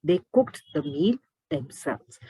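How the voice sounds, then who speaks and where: A woman's voice: low voice, big pitch swings, slow, breathy edge, no room sound, lo-fi sound. A woman teaching a grammar lesson, asking rhetorical questions and restating each point. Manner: repeats and rephrases points, asks rhetorical questions. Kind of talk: explaining lesson.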